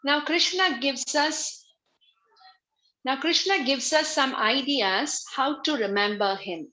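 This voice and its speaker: A woman teaches a religious class over a video call. Her voice sits a little high and sounds bright and clear. She talks at an unhurried pace, repeating her phrases as she patiently explains. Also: poor audio. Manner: slow, repetitive, patient explaining. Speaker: spiritual teacher.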